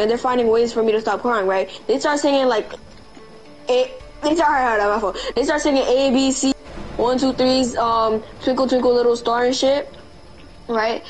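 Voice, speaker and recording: Girl streamer telling a dumb story while playing, slangy and swearing, highish voice, music going. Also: normal speed, rough recording. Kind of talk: casual chat while gaming.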